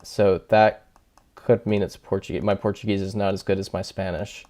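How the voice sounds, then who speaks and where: A man's voice: low voice, flat delivery, moderate pace, dark tone. A man thinking aloud as he streams a game, chatting with his viewers and poking fun at himself. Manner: thinking aloud, chatty and self-deprecating, reading chat. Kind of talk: casual livestream commentary.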